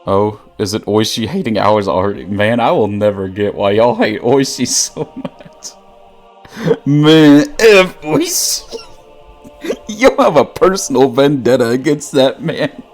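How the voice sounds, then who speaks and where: A man's voice: mid-range voice, expressive, measured pace, soft background music. A man streaming a story game, reading the text aloud between frequent laughs and joking banter with chat.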